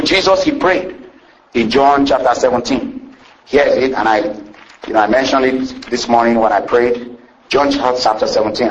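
A man preaches a sermon, reading scripture aloud in old-style wording and shaping phrases with rising and falling emphasis. His rhythmic delivery has swooping rises and drawn-out phrases. His voice is mid-range, and the audio is poor.

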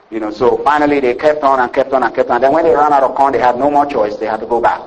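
A man with a mid-range voice preaches a sermon on a rough recording, talking fast with hardly any pauses. He retells a scripture story in a rambling, conversational way, full of fillers, and keeps asking the congregation for "Amen."

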